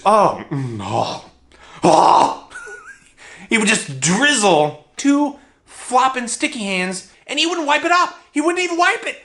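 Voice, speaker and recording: A man's voice: high voice, sharp tone. A young man telling a comedic childhood story in a vlog, exaggerating and laughing at his own jokes.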